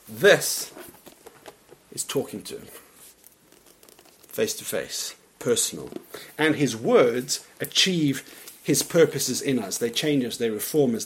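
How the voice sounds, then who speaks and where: A man preaching a church sermon in a fairly high voice. He talks earnestly and with emphasis, and lets many phrases fall soft at the end. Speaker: pastor.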